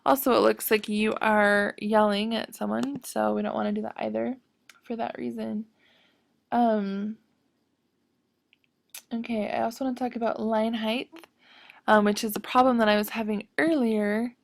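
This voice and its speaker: A woman's voice: on the high side, steady tone, normal speed, creaky, pauses often, no echo. A woman teaching a screen-recorded web design tutorial, hesitant and full of ums as she thinks aloud while clicking.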